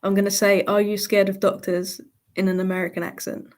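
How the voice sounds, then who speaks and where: On her casual live Q&A, a woman answers viewer questions in a chatty way, laughing often. She speaks fairly quickly in a medium-pitched voice that's somewhat flat and darkish in tone.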